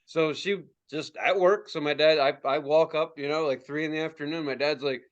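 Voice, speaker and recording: A young adult man, a podcast co-host, telling a story in casual chat, swearing freely and acting out quotes in high yelps. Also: normal speed, hardly any pauses, lo-fi sound. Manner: profane, animated, acts out quotes in high yelps.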